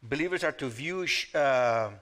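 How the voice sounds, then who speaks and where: A middle-aged or older man giving a teaching sermon with scripture readings, chatty, and acting out quotes in animated voices. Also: mid-range voice, normal speed. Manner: conversational, acts out quotes in lively voices. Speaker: Bible teacher.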